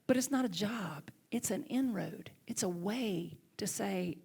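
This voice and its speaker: A woman minister with a Southern accent, preaching a sermon and telling a personal story with lively swings from loud to hushed. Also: medium pitch, normal speed, gravelly, few pauses, breathy edge. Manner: animated, swings from loud to hushed near-whisper. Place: church sanctuary.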